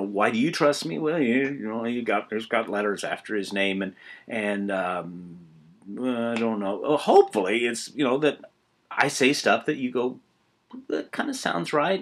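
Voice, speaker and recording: An older man teaching a college writing class in a relaxed, conversational way, telling stories with many asides and restarts. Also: medium pitch, husky. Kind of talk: informal recorded lecture.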